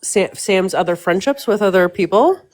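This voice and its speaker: A woman's voice: mid-range voice, expressive, normal speed, a little mellow. A woman in casual live-stream chat, talking hesitantly with many fillers and restarts. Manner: hesitant, filler-heavy, agreeing.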